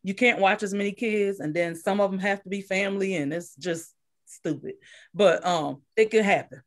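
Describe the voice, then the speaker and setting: A woman's voice: mid-range voice, normal speed. A woman who runs a daycare, casually telling her story as a guest and repeating phrases for emphasis.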